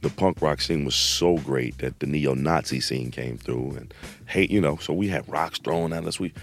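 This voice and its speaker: Very deep-voiced man telling a story. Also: moderate pace, vocal fry. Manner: animated, slangy, acts out quotes. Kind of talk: casual storytelling.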